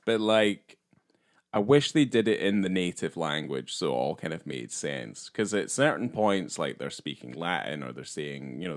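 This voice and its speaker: A man with a low voice co-hosts a casual film podcast. His delivery is rambling and hesitant, full of restarts and offhand swearing, and his pitch swings around a lot as he thinks aloud. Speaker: podcast co-host. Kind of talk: casual film review chat.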